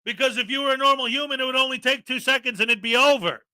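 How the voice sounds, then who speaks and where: A man hosts a ranting commentary show, his voice high and sharp as he mocks and shouts at the people he watches. The sound is dry and close to the mic. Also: quick pace, no room sound. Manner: sarcastic, mocking, shouts often and acts out mock voices. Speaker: commentary channel host.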